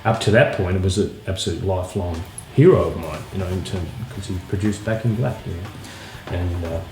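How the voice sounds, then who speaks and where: A man, a guitarist telling anecdotes in a relaxed, casual way with plenty of fillers. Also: low-pitched, fairly quick. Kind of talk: casual interview storytelling. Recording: roomy echo, faint music.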